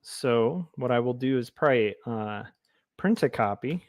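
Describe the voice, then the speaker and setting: A man's voice: mid-range voice, expressive, unhurried, darkish tone, no echo. Goofy rambling man on a livestream. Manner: goofy, rambling, reads chat aloud, tries silly voices. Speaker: comic artist livestreamer. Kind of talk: casual livestream chat while drawing.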